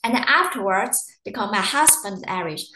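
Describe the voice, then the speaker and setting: A woman's voice: medium pitch, animated, normal speed, noisy background. Chatty woman in an echoey room. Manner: chatty, storytelling with acted quotes. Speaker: university webinar presenter. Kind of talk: casual webinar talk. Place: living in Ireland.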